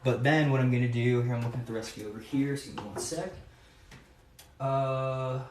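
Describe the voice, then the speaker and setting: A man's voice: mid-range voice, a little fast, a little mellow. A man talking casually to camera while he cooks in his home kitchen, thinking aloud as he goes. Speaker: home cook vlogger. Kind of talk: casual cooking vlog chat. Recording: roomy, distant, noisy kitchen audio.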